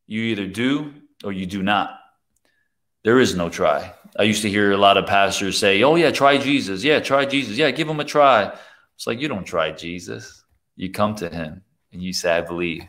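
A man hosting and preaching a sermon in an earnest, halting way, often going soft and quiet. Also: deep voice. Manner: earnest, with pauses and repeated words. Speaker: host and preacher. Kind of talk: preaching to camera.

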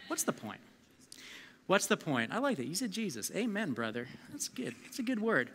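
A man preaching a live sermon as a youth pastor, energetic and conversational, calling on the crowd to answer back. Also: high voice, a little fast. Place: church service hall. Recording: long reverb of a large hall.

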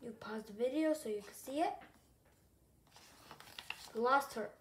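A woman reading a graphic novel aloud to her viewers, lively and switching voices between characters. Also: on the high side, a little slow, reverberant, slight background noise. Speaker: read-aloud host.

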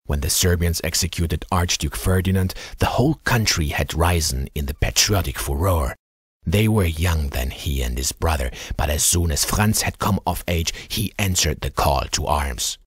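A man narrating a short story in a steady, measured way. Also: low-pitched, husky, no room sound, clean studio sound. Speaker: audiobook narrator. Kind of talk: scripted narration.

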